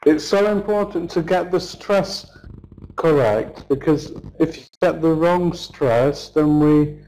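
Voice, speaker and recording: A middle-aged man teaching English pronunciation, saying vocabulary words slowly and deliberately for learners to repeat, then explaining word stress. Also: fairly high pitch, mellow, rough recording. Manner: slow, deliberate, modelling words for repetition. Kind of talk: pronunciation lesson, slow drills.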